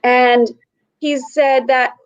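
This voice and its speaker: A woman with a slightly high voice speaks earnestly, thinking aloud with many fillers as she reflects on fear and anger. The recording has a dull, muffled tone. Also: level tone, extremely slow, clean tone. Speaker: panel guest. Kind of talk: casual reflective chat.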